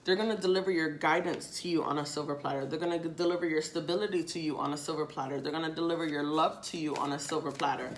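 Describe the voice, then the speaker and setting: Woman tarot reader, casual and chatty, lower pitch, loose and repetitive delivery. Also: fairly even intonation, fast talker, few pauses, a little hiss or hum. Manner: chatty, repeats phrases, casual swearing, addresses viewers directly. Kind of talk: casual tarot reading to viewers.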